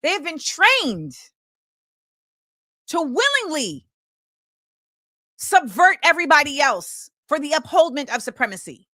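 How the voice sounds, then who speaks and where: Lively, bright-voiced woman host. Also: high voice, no room sound, clean studio sound. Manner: emphatic, repeats key phrases for weight; opinionated and impassioned. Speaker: show host. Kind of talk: film commentary monologue.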